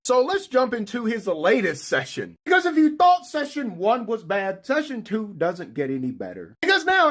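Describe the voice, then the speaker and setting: An animated storyteller recounts a tabletop campaign in a casual, chatty way. The voice swings widely in pitch and pops into brief character voices for quoted lines. It has a mid-height pitch that does not clearly sound male or female.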